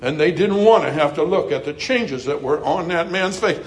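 A middle-aged man preaching a sermon earnestly, climbing to emphatic highs and dropping to soft, quiet passages. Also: animated, normal speed, low-quality recording.

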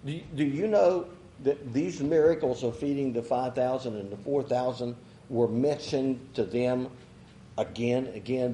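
A man with a very high voice preaches a rambling, folksy sermon. He chuckles and slips into little mock quotes as he talks. The sound rings around an echoey room. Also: darkish tone.

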